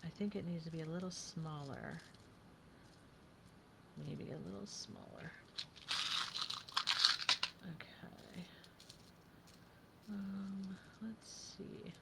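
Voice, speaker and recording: Low-voiced woman crafting aloud. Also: takes it slowly, creaky, pauses often, very noisy. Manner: chatty, thinking aloud, often drops to a whisper. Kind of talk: casual crafting commentary.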